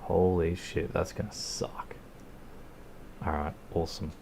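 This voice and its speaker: A man's voice: low-pitched, level tone, measured pace, vocal fry, dark tone, a little hiss or hum. An Australian man casually commenting on his gameplay in a rambling, laid-back way, swearing and laughing now and then. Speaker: streamer.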